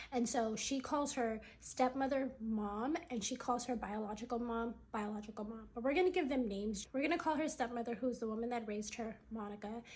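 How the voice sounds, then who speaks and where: A woman's voice: fairly high pitch, a little hiss or hum. A woman vlogger retelling someone else's family story in a chatty way, full of "like" fillers, acting out the quoted lines.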